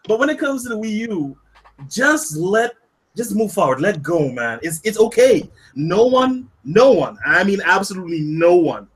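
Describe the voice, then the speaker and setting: A man's voice: on the high side, a bit bright, husky, poor audio. A man hosting a casual gaming podcast, ranting emphatically and with profanity, often repeating words for emphasis. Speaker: podcast host.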